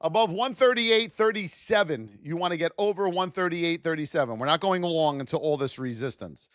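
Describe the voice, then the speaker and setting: A man's voice: fairly high pitch, fairly quick, fairly bright tone, no echo, studio quality. A man hosting a live trading stream in a blunt, chatty way, telling stories, reading out price levels and calling out to viewers by name.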